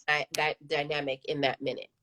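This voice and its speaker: A woman's voice: low-pitched, flat delivery, normal speed, sharp tone. A woman parent coach speaking earnestly and reflectively in a live panel discussion, in an easy conversational way.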